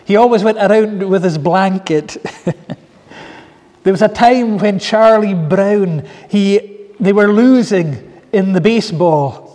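A man's voice: sits high, takes it slowly. Earnest man preaching in a hall. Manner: earnest storytelling with soft asides. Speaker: pastor. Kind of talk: sermon.

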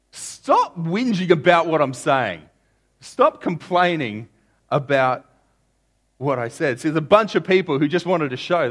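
A man's voice: fairly high pitch, a bit bright. A man preaching a sermon in a conversational way, stumbling over restarts and repeating key lines. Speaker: pastor.

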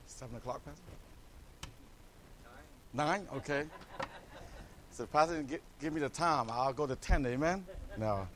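Missionary pastor, higher voice. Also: male voice, normal speed, pauses often, a bit bright, a little hiss or hum. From Cambodia. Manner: joking, peppered with "amen?" asides. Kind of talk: mission update to a church.

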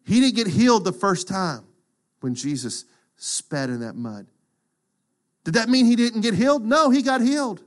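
A middle-aged man preaching a sermon, acting out quotes and swinging from loud to hushed. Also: sits high, big pitch swings, normal speed. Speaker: pastor.

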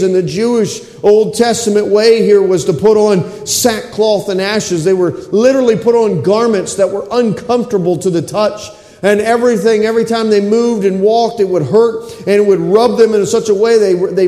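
A fervent man preaching, his voice high but mellow and dark in tone. He circles back over his phrases and sometimes drops to a near hush. The sound rings out with a long reverb through a large church sanctuary. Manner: impassioned, repeats phrases, drops to a low hush. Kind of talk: sermon. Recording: echoey hall with long reverb.

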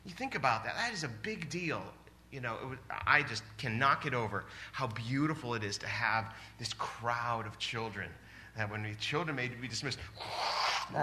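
A man in his forties preaching a sermon in a church, animated and exclamatory, often laughing. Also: mid-range voice, normal speed, slight background noise. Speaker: pastor. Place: church sanctuary.

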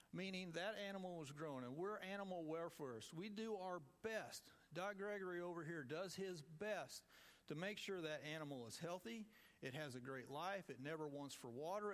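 A man's voice: on the high side, fairly bright tone. A man with a farm group giving an informal, folksy sermon, joking with the audience as he talks. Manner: folksy, conversational, jokes with the audience. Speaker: lay preacher with a farm group.

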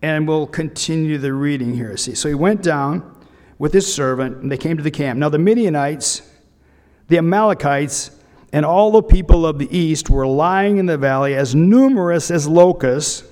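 A man's voice: fairly high pitch, normal speed, darkish tone. Man preaching in a reverberant hall. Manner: storytelling with asides and humor. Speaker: pastor. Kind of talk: sermon.

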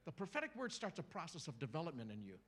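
Preaching to a church crowd, the middle-aged guest speaker keeps things playful, putting on little voices and calling out to listeners. He talks fast in a slightly high, somewhat rough voice.

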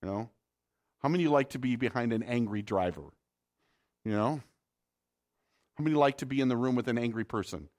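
A man's voice: medium pitch, a little fast, long pauses, a little mellow. Man preaching a conversational sermon. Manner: conversational preaching with rhetorical questions to the congregation. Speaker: pastor.

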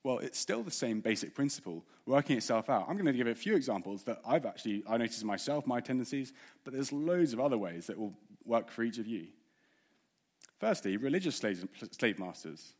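Male preacher, mid-pitched voice, earnest and questioning, direct with the congregation. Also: sing-song, fairly quick, a little mellow. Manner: earnest, with rhetorical questions and audience asides. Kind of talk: sermon.

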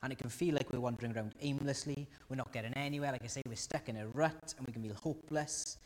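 Man, preacher, sermon, earnest, rhetorical questions, mid pitch, long echoing reverb. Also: quick pace.

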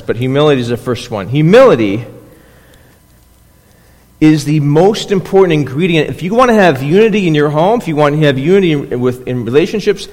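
A man's voice: on the high side, darkish tone. A man preaching a conversational sermon as pastor, often checking in with listeners and restarting phrases. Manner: restarts and repeats words. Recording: long hall reverb.

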